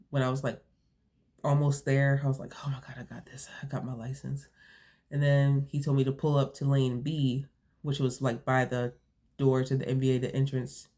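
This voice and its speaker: Allergies leave this young woman a little sniffly as she vlogs, telling a casual story to camera with many fillers and restarts. Her voice is very deep, with a darkish tone.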